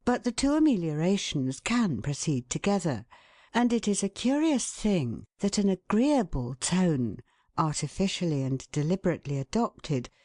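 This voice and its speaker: Female audiobook narrator, low and very animated pitch, dry close read, measured and expressive. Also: no room sound. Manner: measured, expressive reading with voiced quoted asides. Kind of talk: scripted narration of a classic essay.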